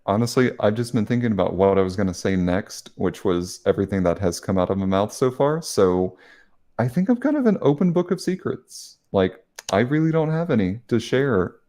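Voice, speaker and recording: Podcast co-host, male, low and lively voice, giggly and rambling. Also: normal speed. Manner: giggly and rambling, many fillers. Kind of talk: casual podcast chat.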